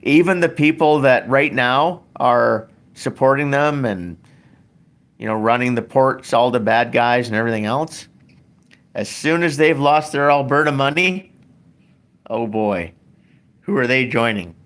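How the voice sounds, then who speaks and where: Slow, blunt older man. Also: medium pitch, fairly bright tone. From Canada. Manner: profane, blunt, emphatic. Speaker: podcast host. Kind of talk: casual ranting talk.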